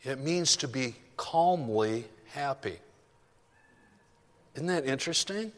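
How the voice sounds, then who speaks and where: A man's voice: medium pitch, expressive, takes it slowly. A male pastor giving a chatty, self-deprecating sermon full of asides, speaking to his congregation in a church sanctuary. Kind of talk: conversational sermon. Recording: long reverb of a hall.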